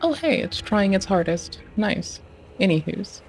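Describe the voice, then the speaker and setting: A livestreamer fiddling with a game's graphics settings chats casually, swearing without restraint, mumbling to themself and questioning the screen. Their mid-range voice swings widely in pitch and moves a little slowly.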